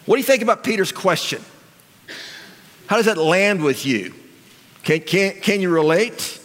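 A man preaches from the front of a church, his voice pitched fairly high for a man. He talks to the congregation in a casual, conversational way and keeps asking them questions. The sound carries a long reverb from the large hall. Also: lively intonation, moderate pace, a bit bright. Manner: conversational, asks the audience questions. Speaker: pastor. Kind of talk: sermon. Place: church sanctuary.

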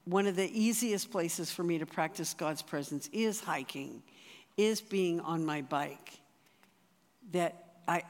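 A speaker giving a sermon through a personal story, talking conversationally with frequent restarts. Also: medium pitch. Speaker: speaker at a church or retreat. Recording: reverberant hall.

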